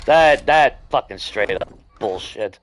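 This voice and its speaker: A man's voice: mid-range voice, animated, slow pace. A man streaming a video game, ranting angrily about glitches with constant swearing. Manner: angry ranting, heavy swearing. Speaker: gaming streamer. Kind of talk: live gameplay stream commentary.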